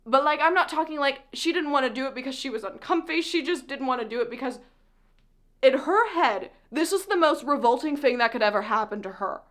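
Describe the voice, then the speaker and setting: A woman's voice: sits high, animated, brisk, fairly bright tone. A woman giving a chatty, dramatic recap of a novel, with joking asides to her viewers. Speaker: book recap vlogger. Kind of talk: animated casual book recap.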